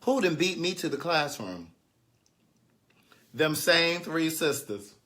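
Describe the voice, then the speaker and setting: A man tells a story in a bright, forceful voice that sits a little high for a man. He flips between pleading student voices and his own low, stern replies. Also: expressive, slow. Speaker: storyteller recounting a teaching day. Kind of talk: animated comic storytelling.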